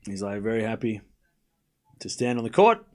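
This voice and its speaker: A man's voice: fairly low pitch, very animated, moderate pace. A man hosting a live watchalong, chatting casually with his chat, rambling with frequent fillers and restarts. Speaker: livestream watchalong host.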